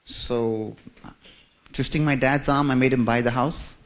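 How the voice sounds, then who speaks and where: A man's voice: mid-range voice, fairly even intonation, measured pace. A man from India, telling his life story in a church with humour and self-mockery. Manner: humorous, self-mocking, chuckling. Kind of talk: storytelling talk.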